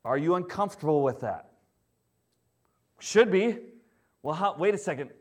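A man, a pastor, preaching a sermon in a conversational way, often checking in with his listeners and swinging between loud emphasis and quiet, low stresses. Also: animated, moderate pace.

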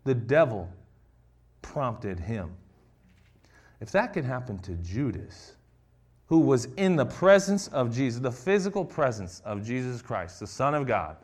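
A man's voice: medium pitch, sing-song, a little slow. Man preaching in a conversational tone. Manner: conversational, acts out quoted lines. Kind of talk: sermon with scripture reading.

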